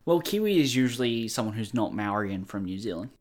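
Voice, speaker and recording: A man's voice: fairly low pitch, animated, fast, a crowd in the background. A man with an Australian accent chatting casually about a movie, easygoing and full of comic-book knowledge.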